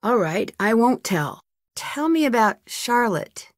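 An actress playing a calm, inquisitive young female detective in a video game, asking steady, polite, probing questions. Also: fairly high pitch, takes it slowly, dry recording, studio quality.

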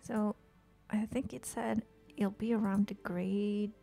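A woman's voice: medium pitch, level tone, takes it slowly, gravelly, mellow, soft background music. A woman chatting casually while streaming a game, swearing freely, talking to game characters and often dropping to a whisper. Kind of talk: casual live-stream chat while gaming.

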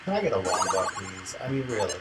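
A man's voice: sits low, very animated, quick pace, poor audio. A man live-streaming a video game, talking to his viewers and reading chat, exasperated at the game and out of breath. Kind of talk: live gameplay commentary. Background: game music.

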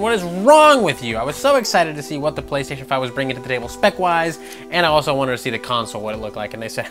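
A man's voice: mid-range voice, sing-song, fast, fairly bright tone. Sarcastic, profane man ranting about games. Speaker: gaming channel host. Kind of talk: ranting gaming news vlog. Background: background music.

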